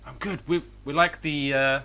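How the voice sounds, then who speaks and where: A man's voice: a little high, fairly even intonation, normal speed, pushed and bright. A man hosting a podcast, chatting casually with loose, joking, rambling talk. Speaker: podcast host. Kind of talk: casual chat.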